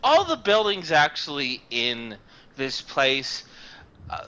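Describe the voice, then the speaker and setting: A man's voice: fairly high pitch, huge pitch swings, slow, bright, forceful tone, smooth. A man narrating a tabletop game as game master, loose and rambling with many fillers. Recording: dull lo-fi game recording.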